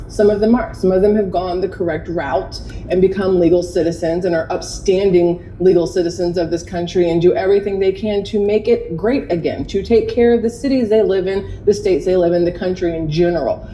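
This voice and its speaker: Sarcastic woman with a mellow voice. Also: lowish voice, fairly quick, few pauses, lo-fi sound, slight background noise. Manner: sarcastic, indignant, chatty. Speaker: commentary host. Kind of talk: opinion commentary vlog.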